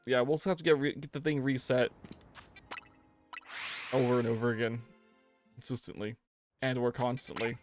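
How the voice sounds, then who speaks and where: Young man, game streamer, loose slangy rambling, soft music underneath. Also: mid-range voice, normal speed, long pauses. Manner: rambling, animated storytelling with slang. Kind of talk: casual livestream chat.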